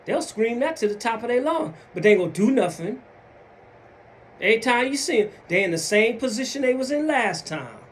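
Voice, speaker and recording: Man, Southern accent, high voice, very lively pitch, casual motivational vlog, acts out excuses, faint background noise. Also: fairly quick. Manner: animated, acts out other people's excuses in mumbled voices. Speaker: vlogger.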